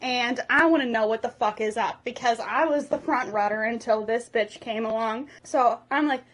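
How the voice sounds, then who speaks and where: A woman's voice: a little high, moderate pace, a little hiss or hum, lightly acted. A woman voicing a tough, competitive young Viking girl warrior, blunt, profane and suspicious, for a comedic movie retelling.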